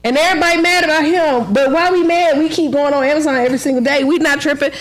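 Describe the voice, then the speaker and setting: A woman's voice: high voice, fast talker. Woman, book coach, podcast guest, casual storytelling, filler-heavy, laughs often. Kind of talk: casual interview chat.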